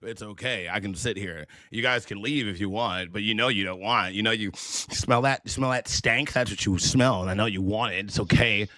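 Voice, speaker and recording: Crude, rambling low-voiced man. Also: normal speed, hardly any pauses, sharp tone, dry recording, studio quality. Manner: crude, rambling, jokey, curses a lot. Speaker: streamer. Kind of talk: casual chat.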